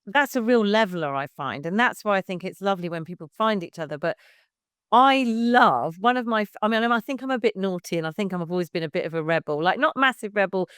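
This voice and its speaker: A woman's voice: medium pitch, animated, fast talker, fairly bright tone, clean tone, no room sound, studio quality. A woman in her fifties, a baby music class leader, chatting frankly as a podcast guest and swearing casually. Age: 50s.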